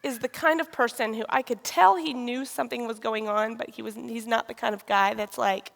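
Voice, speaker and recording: A woman, sharing a candid personal testimony with pauses and restarts. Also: a little high, steady tone, vocal fry. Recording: long reverb of a large hall.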